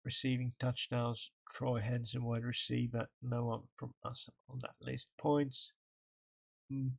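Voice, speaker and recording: A man's voice: medium pitch, level tone, unhurried, gravelly, highs cut off. Tired man streaming a game. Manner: tired, talks through stats to himself. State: tired, yawning. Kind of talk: casual let's-play commentary.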